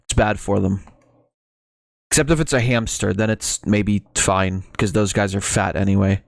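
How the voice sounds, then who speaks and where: A man's voice: fairly low pitch, steady tone, moderate pace, vocal fry, dry recording, clean studio sound. A man streaming from home who chats casually over videos he is watching. He rambles and swears a lot. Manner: rambling and crude, swears often. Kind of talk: casual reaction commentary. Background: music from the video.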